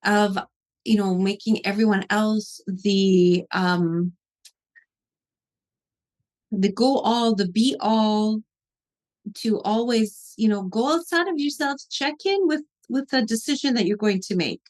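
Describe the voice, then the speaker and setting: A woman podcast host reflecting aloud in conversation, warmly affirming her guest. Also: mid-range voice, slow.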